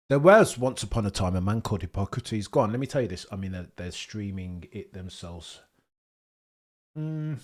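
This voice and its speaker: A man's voice: fairly low pitch, expressive, normal speed, pauses often. A young British man streaming live, chatting and bantering cheekily with his viewers. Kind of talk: casual live-stream chat.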